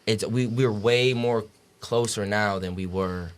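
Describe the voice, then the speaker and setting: A man's voice: lowish voice, measured pace, clean tone. Young man, slangy and profane storytelling. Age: young adult. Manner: rambling slang, heavy swearing, many fillers like "you know what I'm saying". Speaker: podcast guest, college basketball player. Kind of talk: casual interview chat.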